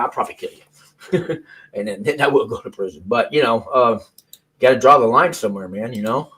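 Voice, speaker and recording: A man's voice: medium pitch, breathy edge, low-quality recording. A man hosting a call-in show, talking off the cuff in a rambling, profane way with lots of restarts. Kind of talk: casual unscripted commentary.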